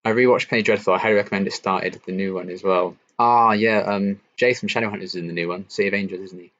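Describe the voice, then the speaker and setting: Deep-voiced young man chatting on stream. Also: fast. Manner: relaxed, chatty, many ums and likes. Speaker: YouTube reaction channel host. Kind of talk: casual live-stream Q&A, reading chat. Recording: slightly dull lo-fi stream audio.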